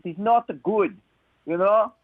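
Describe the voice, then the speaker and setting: A man's voice: high voice, no room sound. A man doing a put-on Italian accent, playing a brash, swearing football fan who rants with lots of "you know". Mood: ranting. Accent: mock Italian, put on. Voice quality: sweary ranting with halting "you know" fillers. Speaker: caller. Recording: phone-line voice message.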